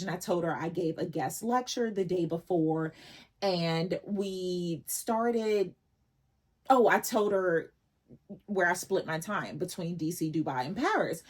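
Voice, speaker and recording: Woman, forties, vlogger, husky, low-pitched, effusive, repeats herself. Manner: emotional, effusive, repeats words. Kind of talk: casual vlog talk to viewers.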